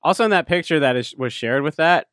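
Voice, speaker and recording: A man's voice: on the high side, lively intonation, quick pace, fairly bright tone, no echo. Blunt, laughing man on a dry mic. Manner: candid, blunt, laughs often, swears. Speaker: podcast co-host. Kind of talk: casual sports chat.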